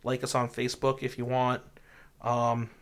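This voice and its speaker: A man hosting a comedy podcast, chatting casually in a deadpan joking way, with now and then a loud mock bit. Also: medium pitch, normal speed, smooth. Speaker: podcast host.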